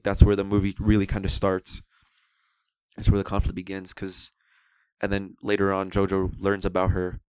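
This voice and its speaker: This young man's deep, clear, resonant voice carries without echo as he co-hosts a movie podcast. Enthusiastic and rambling, he acts out scenes by quoting them in put-on voices during casual chat.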